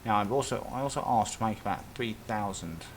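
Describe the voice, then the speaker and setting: Over slight background noise, a man with a fairly low voice talks a little fast. He's casually commenting on a live stream while playing, thinking aloud as he builds and drifting into self-talk and small tangents.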